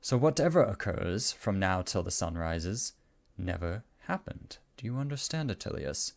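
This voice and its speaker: A man's voice: deep voice, very animated, normal speed, vocal fry, heavily acted. A man doing a stern councilwoman. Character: stern middle-aged female councilwoman.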